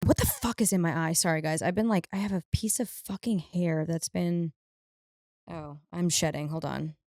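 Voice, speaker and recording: A woman's voice: on the low side, moderate pace, no echo, studio quality. Profane rambling woman podcaster. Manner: rambling, profane, animated storytelling. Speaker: podcast host. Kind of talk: casual comedic monologue.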